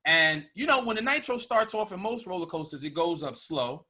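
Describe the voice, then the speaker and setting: A man's voice: high-pitched, expressive, normal speed, sharp tone. A man in his thirties hosting a podcast, telling a rowdy story in casual chat and addressing the audience directly. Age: 30s. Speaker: podcast host.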